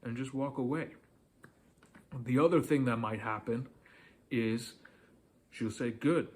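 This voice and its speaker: A man's voice: mid-range voice, unhurried. A man giving dating advice in a casual, direct monologue, coaching the listener and often checking in with "okay?".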